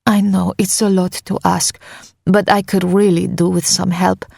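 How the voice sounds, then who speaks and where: A woman's voice: medium pitch, level tone, measured pace, creaky, darkish tone, dry recording. A woman reading a breathless, pleading young woman. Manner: breathless, pleading, overly polite. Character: breathless young woman feigning car trouble. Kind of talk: audiobook character voice.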